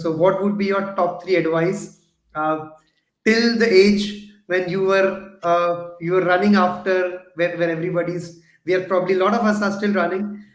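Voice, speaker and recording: A man hosting an interview, asking questions haltingly and repeating words as he builds them. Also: sits high. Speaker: host. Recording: echoey room.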